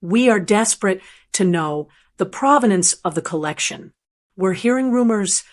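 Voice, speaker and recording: A sharp, gushing art magazine editor with a New York accent, voiced by a woman narrator. She sounds urgent and effusive. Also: mid-range voice, expressive, moderate pace, lightly acted.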